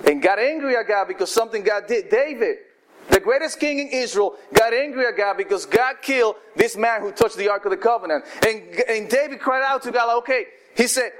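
A man preaching a sermon, telling the story lively and acting out what the people in it say. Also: high-pitched, fairly quick. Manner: animated storytelling, acting out quoted voices.

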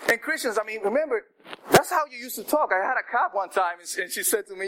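A man preaching a sermon in a conversational, animated way, with asides to the congregation. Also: high-pitched, fast talker, slight background noise, rough recording.

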